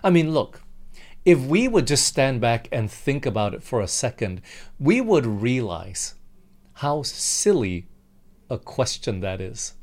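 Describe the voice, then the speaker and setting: A man preaching a sermon, talking directly to the congregation and acting out desperate pleas to God in a raised, urgent voice. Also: unhurried. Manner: animated, acts out the disciples' pleas with raised pitch.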